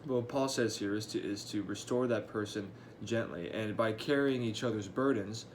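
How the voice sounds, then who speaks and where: A young man, a high school church intern, giving a short, earnest devotional talk in a casual way with restarts and fillers. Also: moderate pace, a little hiss or hum. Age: young adult.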